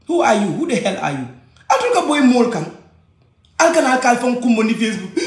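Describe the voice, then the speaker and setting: A man's voice: high-pitched, animated, quick pace. A man with a Gambian accent giving a heated personal rant, agitated and repeating his points. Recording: echoey room.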